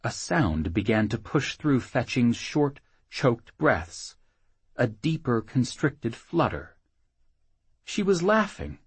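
A man reading an audiobook in an expressive, steady storytelling manner, close on the mic. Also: medium pitch, slow, slightly rough, dry recording. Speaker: audiobook narrator. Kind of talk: scripted narration.

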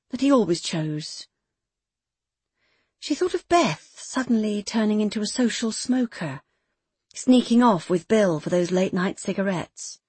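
A woman reading a novel aloud in measured, intimate scripted narration. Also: mid-range voice, darkish tone, breathy edge, no room sound. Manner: measured, intimate, close third-person storytelling. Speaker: audiobook narrator.

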